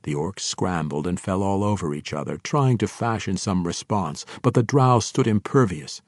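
A man narrates a fantasy novel in a steady, measured way. His voice sits very low. The recording is dry and close, with no room sound. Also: dry recording. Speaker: audiobook narrator.

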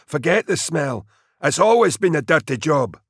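A man's voice: a little high, big pitch swings, moderate pace, husky, dry recording, clean studio sound, pitched above the performer's own voice. A man voicing a tough male sergeant who snarls at his squad to hold together. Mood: gruff snarling.

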